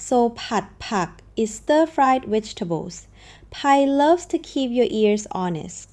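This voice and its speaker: A woman teaching a scripted language lesson, saying each word slowly and repeating it, in an upbeat, encouraging way. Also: on the high side, very animated, a little mellow. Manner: models words slowly and repeats each one.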